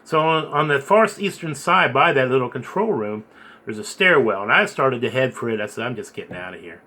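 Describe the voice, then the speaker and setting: A man earnestly recounting a dream and preaching in a rambling, halting way, repeating his words. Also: medium pitch, animated, bright, forceful tone. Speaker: video blogger recounting a dream. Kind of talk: earnest spoken storytelling and preaching.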